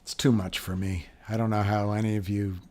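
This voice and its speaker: Chatting casually on his livestream, a middle-aged man rambles through viewer comments with frequent chuckles. His voice is lowish and a little mellow, level in tone, and fairly quick.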